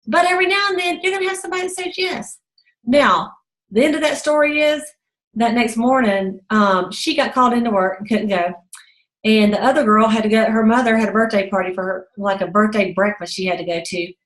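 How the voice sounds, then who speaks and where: A woman leading a sales team call, telling a story in a chatty way and acting out the voices of others. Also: roomy sound. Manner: chatty storyteller, acts out quotes in a high voice. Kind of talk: motivational team call talk.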